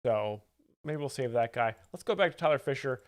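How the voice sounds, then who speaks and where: Deadpan man hosting a comedy stream. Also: medium pitch, fairly quick, no room sound, clean studio sound. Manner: deadpan ironic asides. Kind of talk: satirical live-stream commentary.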